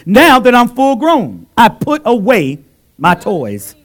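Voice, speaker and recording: A man preaching a sermon in a church into a handheld mic, calling out to the congregation and swinging between loud exclamations and soft asides. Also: very high voice, wildly swooping pitch, slow.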